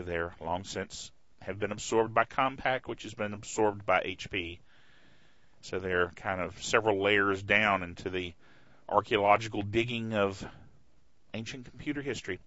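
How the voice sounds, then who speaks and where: Bright-voiced, enthusiastic middle-aged man. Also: lowish voice, no echo. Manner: enthusiastic and jokey, with playful asides. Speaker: tech podcast host. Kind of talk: casual tech show chat. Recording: slightly dull, dry lo-fi recording.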